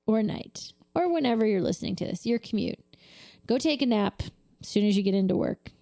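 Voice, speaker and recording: A woman's voice: medium pitch, expressive, a little fast, vocal fry, mellow, no room sound, clean studio sound. A woman co-hosting a casual podcast chat, drowsy and laid-back, stifling yawns and swearing casually. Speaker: podcast co-host.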